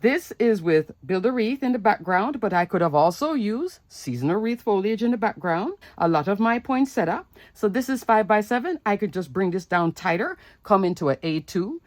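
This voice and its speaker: A woman's voice: fairly low pitch, no room sound, clean studio sound. A woman hosting her own craft channel, chatting enthusiastically as she shows off card after card, with lots of asides. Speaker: papercraft channel host. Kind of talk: casual show-and-tell of handmade cards.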